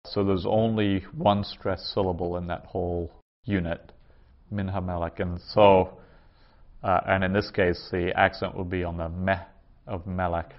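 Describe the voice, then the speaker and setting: A man teaching a Hebrew grammar class around a table, explaining patiently and sounding out words slowly. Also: low voice, level tone, highs cut off.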